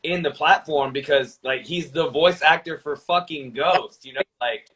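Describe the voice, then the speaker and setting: A man's voice: a little high, moderate pace, pushed and bright, poor audio. Rambling young gamer guy chatting. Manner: rambling, lots of fillers and restarts. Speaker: guest, gaming streamer. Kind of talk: casual podcast chat.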